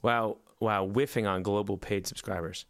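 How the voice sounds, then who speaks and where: A man's voice: fairly low pitch, steady tone, moderate pace, dry recording, studio quality. A man co-hosting a casual podcast, reading news headlines aloud and quipping about them. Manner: reads headlines aloud, then laughs and quips.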